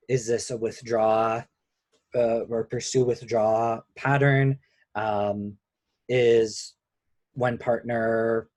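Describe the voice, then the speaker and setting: A man who is a couples therapist, giving a measured, explanatory webinar lecture and slowing down on key points. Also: mid-range voice, a little mellow, no echo.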